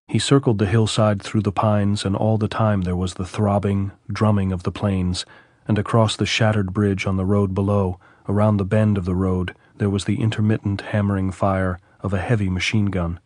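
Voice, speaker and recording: A man narrating a classic novel as an audiobook, in a steady, measured reading. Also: fairly low pitch, no room sound, clean studio sound.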